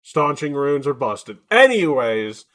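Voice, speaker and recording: A man narrating as game master for a tabletop game on a voice call, wry and lively. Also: mid-range voice, slow pace.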